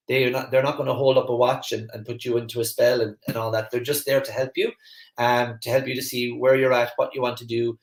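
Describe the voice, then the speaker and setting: A man with an Irish Kerry accent, hosting a live online masterclass. He talks fast and eagerly, with lots of fillers and restarts, and chats with viewers. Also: mid-range voice, echoey room. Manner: fast, energetic, chatty, many fillers and restarts. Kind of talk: live-stream talk to viewers, reading the chat.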